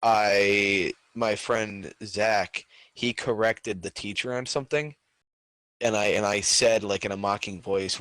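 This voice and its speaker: A man's voice: fairly low pitch, steady tone, slow, a bit bright, dry recording. A man co-hosting a podcast, telling stories in casual chat with lots of fillers and restarts. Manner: rambling storyteller, many filler words. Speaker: podcast co-host.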